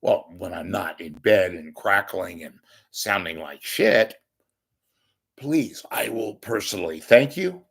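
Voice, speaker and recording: A hoarse, congested man with a crackling voice, hosting his own show in a rambling comic monologue, joking at his own expense and swinging from loud to hushed. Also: deep voice, lively intonation, takes it slowly. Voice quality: gravelly, crackling. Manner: wisecracking, self-deprecating, swings from loud to hushed. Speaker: podcast host asking for donations.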